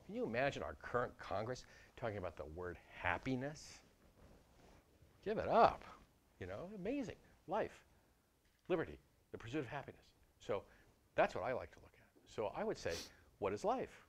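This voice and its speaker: A man giving an animated public talk at a business school, emphatic and full of rhetorical questions. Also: medium pitch. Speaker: guest speaker. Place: lecture hall at a business school.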